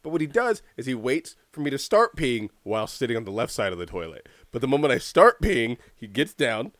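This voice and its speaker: A man's voice: mid-range voice, very animated, a little fast, fairly bright tone, no echo, clean studio sound. A young man chatting casually on a podcast, telling comic stories, swearing freely and acting out voices. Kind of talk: casual chat, comic storytelling.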